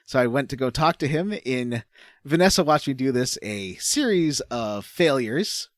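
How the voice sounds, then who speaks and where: A man's voice: mid-range voice, expressive, normal speed, no room sound, studio quality. A man co-hosting a podcast, rambling casually and hesitantly about a video game. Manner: rambling, hesitant, lots of uh and restarts. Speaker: podcast co-host.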